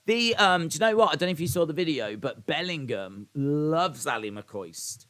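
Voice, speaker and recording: A man hosts a live watch-along stream, reading chat messages and answering them in a loose, rambling way. His voice is bright and forward, and he pokes fun at himself. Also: a little high, normal speed, few pauses. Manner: rambling, self-deprecating.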